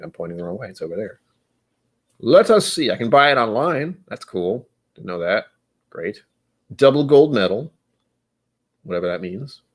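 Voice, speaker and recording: A man hosting a live whiskey tasting, chatting casually in a rambling, musing, self-deprecating way. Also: lowish voice. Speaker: host of a whiskey tasting stream. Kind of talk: casual live-stream chat while tasting.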